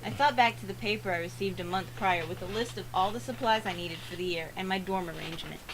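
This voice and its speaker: A woman's voice: mid-range voice, fast talker, low-quality recording. Woman reading a visual novel aloud. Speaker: let's play narrator.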